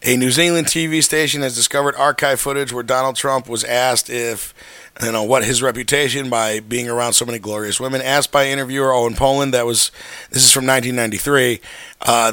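Casual male podcast co-host reading headlines; bright tone, dry close sound. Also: medium pitch, fairly even intonation, a little fast, clear, resonant tone, no room sound. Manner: reads headlines with offhand asides. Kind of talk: casual chat, reading news aloud.

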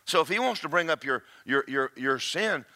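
A man's voice: fairly high pitch, lively intonation, moderate pace, bright, forceful tone, no room sound. A middle-aged man preaching a sermon, joking and acting out quoted voices.

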